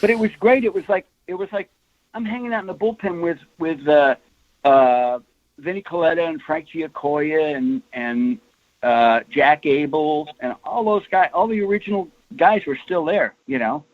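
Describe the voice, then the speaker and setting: A man in his sixties, a comic artist being interviewed, telling stories in a rambling, animated way and laughing often. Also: fairly high pitch, normal speed. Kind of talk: casual interview storytelling. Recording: lo-fi, dry remote audio.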